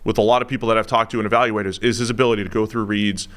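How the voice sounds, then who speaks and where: A man's voice: fairly low pitch, steady tone, racing, fairly bright tone, smooth. A man co-hosting a football podcast, chatting loosely and jokingly, often trailing off mid-thought. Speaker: podcast co-host, football analyst. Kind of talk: casual podcast chat.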